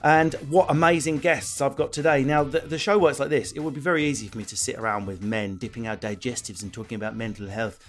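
A man hosting a comedic podcast, bantering quickly and swearing freely. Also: medium pitch, fairly even intonation, soft background music. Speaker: host.

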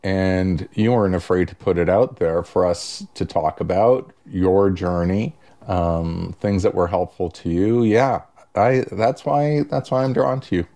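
An older man, a therapist guest, talking in a direct, plain-spoken and warm-hearted way. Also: deep voice, measured pace, few pauses. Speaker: social worker and therapist guest. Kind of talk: casual interview chat.

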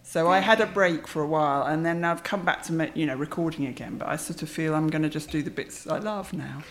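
A middle-aged woman speaks quickly in a fairly low voice. She chats as a guest in a chatty, self-deprecating way, often laughing through her anecdotes. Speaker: guest, singer. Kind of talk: casual chat.

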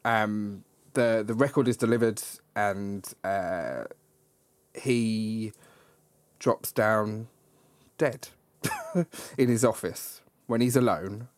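A man's voice: on the low side, takes it slowly, pauses often, no echo. Podcast guy rambling about a movie, lots of ums, dry close sound. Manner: rambling, laughs often, many ums. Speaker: podcast host. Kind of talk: casual chat about a film.

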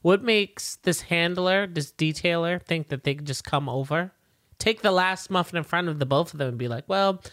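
A co-host of a TV recap podcast speaks at a middle pitch. The voice sounds dry and close, with no room around it. They think out loud in a hesitant, casual way. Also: normal speed, dry recording.

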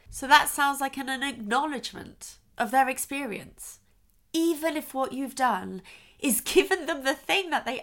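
A woman's voice: sits high, sharp tone. A middle-aged woman and parenting expert giving earnest, reassuring advice straight to the listener, often checking in with "okay?". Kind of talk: direct-to-camera advice talk.

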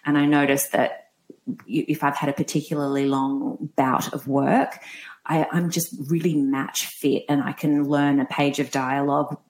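A woman with a low voice talks in a loose podcast chat. Her humour is dry and self-mocking, and she tosses jokes in between her answers. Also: level tone, normal speed, darkish tone. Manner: wry, self-mocking, jokey. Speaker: guest actor.

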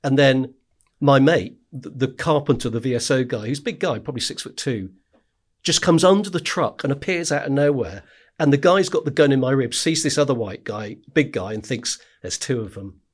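A man's voice: medium pitch, expressive, brisk. A man, a war correspondent, telling stories in a casual podcast chat, with frequent "right?" asides and laughing as he talks.

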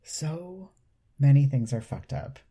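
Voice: mid-range voice, expressive, takes it slowly, mellow, breathy edge. A podcast co-host in casual chat, ranting with indignant sarcasm.

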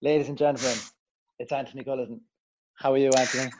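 A man's voice: mid-range voice, flat delivery, fast talker, noisy background. Man hosting with teasing banter. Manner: jokey, teasing introductions. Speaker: podcast host. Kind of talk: casual podcast chat.

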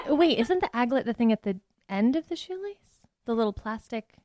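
A woman, a comedy duo member, talking in a casual podcast interview, lively and quick to laugh. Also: fairly high pitch, no echo, studio quality.

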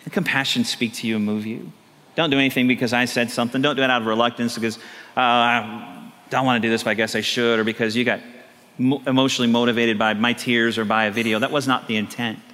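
A middle-aged man preaching a sermon as pastor, telling lively stories with animated acted quotes. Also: mid-range voice, fast. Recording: long hall reverb.

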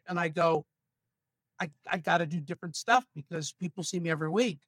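A male stand-up comedian from Los Angeles, telling stories with animated asides in a casual podcast chat. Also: a little high, fairly quick, no room sound. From San Fernando Valley, Los Angeles.

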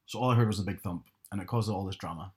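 A man's voice: sits low, very fast, darkish tone. A man chatting casually, telling rambling stories and correcting himself as he goes. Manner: rambling, self-correcting anecdotes. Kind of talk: casual chat.

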